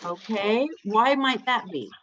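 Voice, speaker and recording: Woman call host, somewhat high voice, light and apologetic, laughs through tech trouble. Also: animated, takes it slowly, fairly bright tone, a little hiss or hum. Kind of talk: casual chat on a video call. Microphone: video call.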